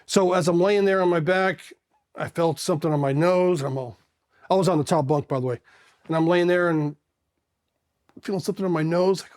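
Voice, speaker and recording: A middle-aged man from California recounts his past in a relaxed, casual way. His voice sits rather high for a man. He brings his anecdotes to life with little acted-out voices. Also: a little fast, pauses often. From South Pasadena, California. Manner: animated, acts out voices in his anecdotes and laughs often. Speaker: Marine Corps veteran. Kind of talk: casual storytelling.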